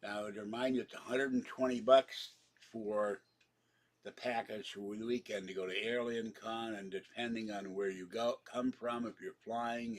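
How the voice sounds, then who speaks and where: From his home apartment, a YouTuber with a husky, lowish voice rambles through a casual live chat. He meanders and complains, restarting often and laughing along the way.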